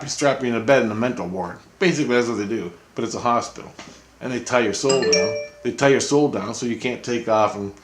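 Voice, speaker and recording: A man vlogging, telling a rambling personal story with chuckles. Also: mid-range voice. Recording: roomy echo.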